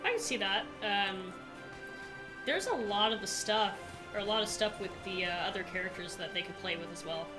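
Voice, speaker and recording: A woman talks at an easy, relaxed pace while playing a game live, often pausing with filler sounds. Game music plays clearly behind her voice. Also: medium pitch. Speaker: streamer, artist. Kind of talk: casual chat while gaming.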